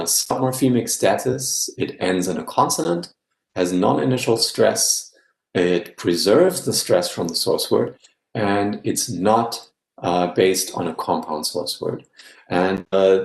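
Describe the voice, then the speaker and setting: A man giving an academic guest lecture in a measured way, often checking in with "yeah?". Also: low voice, creaky, a little mellow, echoey room, low-quality recording. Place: live-streamed online talk.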